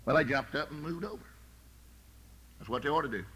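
A preacher man delivering a folksy sermon in a bright, slightly high voice. He swings from plain storytelling to loud, shouted scolding. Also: brisk, husky. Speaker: pastor.

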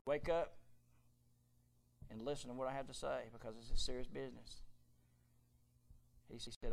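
A middle-aged man preaching a fervent sermon in a church, swinging from quiet storytelling to loud shouting. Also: medium pitch, steady tone, moderate pace, vocal fry, long pauses. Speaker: pastor. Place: church sanctuary.

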